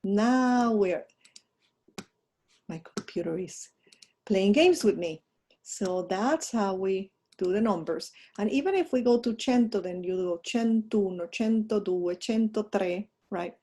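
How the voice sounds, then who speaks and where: A woman's voice: medium pitch, slow, warm tone. A woman teaching a recorded online lesson, talking through her slides with chatty asides. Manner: talks through a screen while fumbling with her mouse, chatty asides. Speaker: language teacher.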